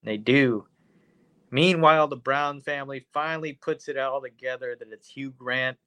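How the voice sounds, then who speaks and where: A man's voice: medium pitch, normal speed, a bit bright, clear, resonant tone, dry recording. A man co-hosting a podcast, telling a story loosely and profanely, with many fillers. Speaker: podcast co-host. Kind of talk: casual comedic chat.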